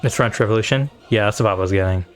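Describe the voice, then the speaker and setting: A man's voice: on the low side, racing, soft background music. A man streaming live, reacting bluntly and profanely while thinking aloud. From Pakistan or India. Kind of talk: casual live-stream commentary.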